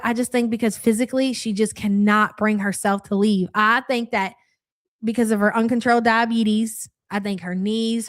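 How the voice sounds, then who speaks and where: A young adult woman giving casual live-stream reaction commentary, blunt and sarcastic, swearing freely and thanking viewers. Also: fairly high pitch.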